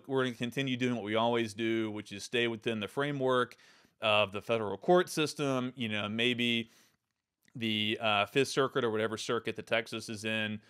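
A man's voice: mid-range voice, fairly bright tone, clean tone. A man hosting his own show, talking through political commentary in an emphatic, loose way, often restarting and repeating words. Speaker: podcast host.

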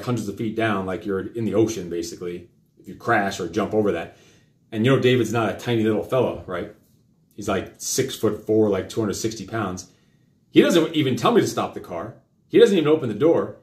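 A man hosting a live show, telling a story to his children in a rambling, profane, casual way. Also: mid-range voice. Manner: rambling, profane, with many fillers. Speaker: host and father. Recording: roomy echo.

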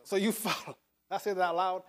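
An older man from the US speaks to an audience with motivational fervor, his high voice steady, a bit bright and a little fast. He tends to repeat words for emphasis and chuckles while recounting stories.

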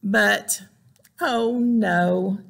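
Slow, gravelly-voiced storytime reader. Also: female voice, mid-range voice. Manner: animated, exclaiming, makes sound effects. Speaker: children's librarian. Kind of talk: picture-book read-aloud for children.

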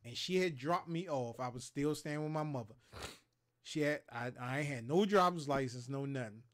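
A man's voice: mid-range voice, normal speed. A man in his thirties from Maryland telling profane stories on a casual gaming livestream, acting out the other people's lines as he goes. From Maryland, USA. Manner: profane, animated storyteller who acts out other people's lines. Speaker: co-host of a gaming talk show.

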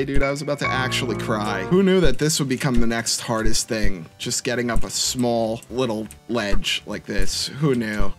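A man's voice: medium pitch, moderate pace, faint music behind. A young man giving let's-play commentary, muttering in frustration at a hard game and saying "dude" a lot. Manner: says "dude" constantly. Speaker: gaming YouTuber.

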